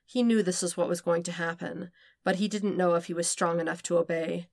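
Low, gravelly woman narrating. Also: fairly even intonation, fairly quick, darkish tone, dry recording, studio quality. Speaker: podfic reader. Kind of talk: narrating fan fiction.

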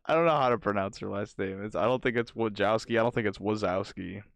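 Young male podcast co-host, low-pitched, casual and crude, dry close sound. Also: quick pace, creaky, clean tone, no room sound. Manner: loose, joking, swears often. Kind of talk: casual chat.

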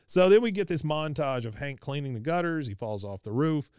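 A man's voice: on the high side, animated, a little fast, a little mellow, clear, resonant tone, no room sound, studio quality. Chatty man recapping a cartoon. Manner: chatty, laughs often, many fillers. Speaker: podcast host. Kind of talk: casual episode recap.

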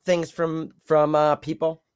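A man from New York with a somewhat high voice, talking bluntly on a podcast. He swears freely and keeps a plain, casual tone. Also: monotone, a little slow, a little mellow, smooth. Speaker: podcast co-host. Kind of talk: casual chat.

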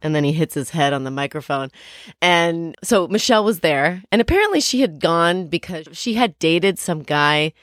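A woman's voice: on the low side, expressive, normal speed, a bit bright, no room sound, studio quality. A woman in her thirties co-hosting a podcast, retelling a story in gushing, casual chat full of "like". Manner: chatty, gushing, lots of "like" fillers. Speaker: podcast co-host.

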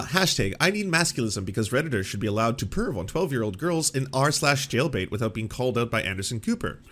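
A man's voice: lowish voice, fairly bright tone. A man hosting a political commentary show, talking in a sarcastic, mocking way and swearing freely.

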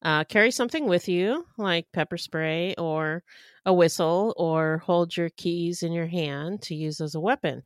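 A woman co-hosting a podcast in casual chat, speaking in a calm, practical, matter-of-fact way. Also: lowish voice, measured pace, no room sound, clean studio sound. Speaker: podcast co-host.

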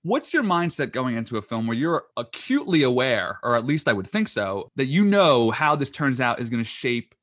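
A man's voice: mid-range voice, big pitch swings, moderate pace, few pauses, fairly bright tone, no room sound. Eager male interviewer, dry close sound. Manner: eager, chatty questioning. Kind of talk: interview questions.

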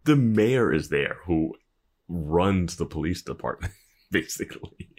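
Male podcast co-host, very deep voice with a lively swing, animated banter. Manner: animated, laughing, quick to jump in. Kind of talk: casual chat about a show.

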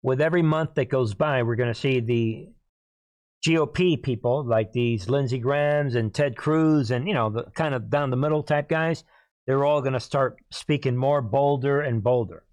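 Hoarse man in an emphatic commentary monologue. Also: mid-range voice, moderate pace, darkish tone, no room sound. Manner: emphatic, repeatedly addresses listeners as "people". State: hoarse, clearing throat. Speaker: host.

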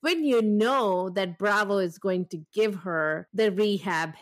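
Animated woman gossiping on a podcast. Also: mid-range voice, a little slow. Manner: animated, opinionated, acts out quotes. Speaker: podcast co-host. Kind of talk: casual chat about reality TV.

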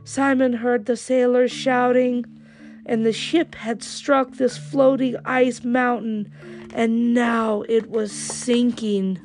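Woman reading a kids' story out loud, slow and expressive, soft music in the back. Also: fairly high pitch. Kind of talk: storybook read-aloud.

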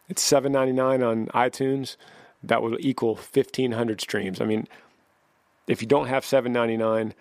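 A man's voice: on the low side, darkish tone, no echo. A man hosting a podcast, giving heartfelt advice to a listener and often repeating and restarting his words. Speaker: podcast host answering listener questions. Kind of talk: earnest advice talk.

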